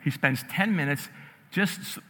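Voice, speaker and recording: A man from New York raised in New Jersey, telling a story in a sermon in an animated, conversational way. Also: on the high side, slow. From New York area, raised in New Jersey. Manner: animated, conversational, addresses audience directly. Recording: long reverb in a large hall.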